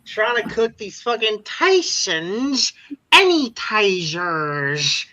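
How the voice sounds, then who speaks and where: A man's voice: sits high, big pitch swings, drawn-out words, sharp tone, poor audio. A man guesting on a casual livestream, chatting in an offhand, rambling way.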